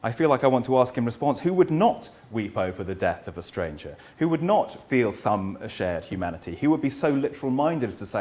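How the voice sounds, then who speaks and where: This middle-aged historian has a mid-range, sing-song voice with a darkish tone. In his academic lecture he's thoughtful and earnest, asking rhetorical questions and often hesitating before restarting a thought.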